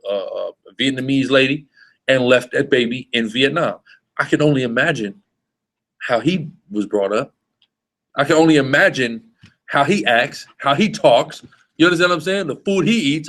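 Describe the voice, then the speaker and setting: A man gives an informal religious teaching to a small group. He speaks with emphasis, repeats himself and keeps checking in with his listeners. His voice sits at an ordinary mid pitch. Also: rough recording. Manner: emphatic, repetitive, asks "you see what I'm saying?". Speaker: street preacher teaching a group.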